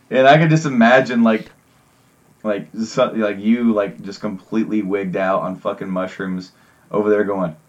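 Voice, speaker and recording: A man's voice: on the low side, fairly even intonation, measured pace, pauses often. A man co-hosting a podcast, chatting in a laid-back, joking way. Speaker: podcast co-host. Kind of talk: casual podcast chat. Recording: dull lo-fi sound.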